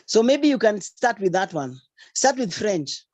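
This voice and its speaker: A woman's voice: mid-range voice, very animated, measured pace, darkish tone, no room sound. Teasing Kenyan woman on a video call. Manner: mixes Swahili and English, teasing and laughing. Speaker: group elder called Madam President. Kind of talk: casual online group chat.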